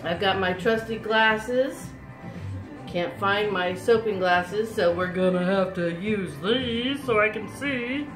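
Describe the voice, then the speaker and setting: Bubbly woman hosting a home how-to, slow and chatty, roomy echo with music behind. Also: medium pitch. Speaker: soap maker. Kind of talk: casual how-to vlog.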